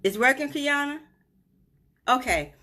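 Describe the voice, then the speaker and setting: A woman's voice: high voice, lively intonation, unhurried, sharp tone. A grieving mother live streaming from a hotel room, retelling events emotionally and often checking in with "right?".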